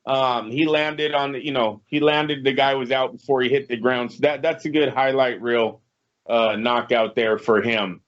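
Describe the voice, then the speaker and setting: A man's voice: mid-range voice, fairly even intonation, moderate pace, fairly bright tone. A man co-hosting a casual boxing podcast, giving blunt, profane opinions. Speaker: podcast co-host. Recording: lo-fi podcast audio.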